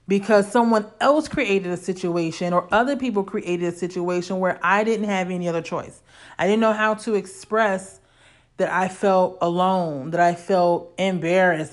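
A woman in her forties from Illinois, telling a personal story in a candid, conversational way with casual slang. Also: lowish voice.

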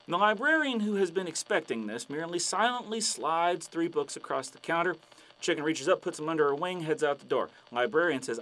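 A man's voice: on the high side, lively intonation, brisk, pushed and bright. A man telling jokes and long shaggy-dog stories in a playful storytelling way. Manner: playful storytelling, acting out voices. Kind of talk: joke telling.

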